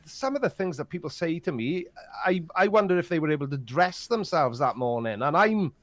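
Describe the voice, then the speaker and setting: Welsh male guest, self-deprecating chatter, higher voice, dry recording. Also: very animated, brisk, fairly bright tone, no room sound. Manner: self-deprecating, stammers on restarts. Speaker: guest YouTuber. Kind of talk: casual podcast chat.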